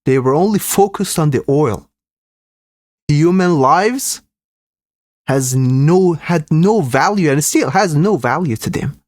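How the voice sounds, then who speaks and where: Man, live reaction streamer, earnest, indignant, talks to viewers, fairly high voice, dry room. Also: expressive, slow, a little mellow, no echo. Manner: earnest, indignant commentary addressing viewers as guys. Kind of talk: casual live-stream commentary.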